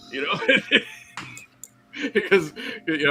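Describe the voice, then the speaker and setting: Bright-voiced man telling a story. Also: a little high, a little slow, pauses often, faint music behind. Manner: animated, profane storyteller who laughs often. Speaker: podcast co-host. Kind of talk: casual storytelling.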